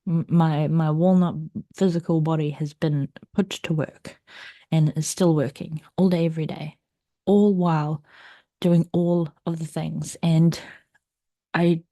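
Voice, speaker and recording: A young adult woman hosting her own podcast, talking candidly and at length about her week, with restarts and soft laughs. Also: lowish voice, creaky, dry recording, studio quality. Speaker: podcast host. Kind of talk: personal confessional monologue.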